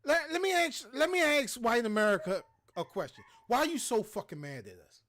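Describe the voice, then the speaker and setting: A man's voice: very high voice, big pitch swings, a little fast, a bit bright. A man hosting a livestream, ranting in a heated, profane, preachy way. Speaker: show host. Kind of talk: impassioned livestream rant.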